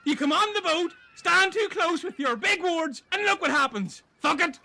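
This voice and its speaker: A man in improvised comedy role-play, excitable, rambling and crude. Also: very high-pitched, moderate pace, gravelly. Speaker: castaway fisherman character in comedy improv.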